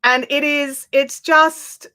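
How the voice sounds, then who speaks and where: A woman hosting a craft live stream in casual, excitable chat, often restarting her sentences. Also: high voice, takes it slowly. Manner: chatty and excitable, with frequent restarts. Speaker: craft channel host.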